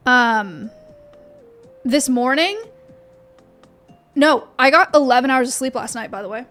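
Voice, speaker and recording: A woman's voice: high voice, measured pace, fairly bright tone, faint music behind. A young woman streaming from her home office, chatting with her viewers in a rambling way full of fillers and restarts. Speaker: livestreamer. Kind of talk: casual chat with stream chat.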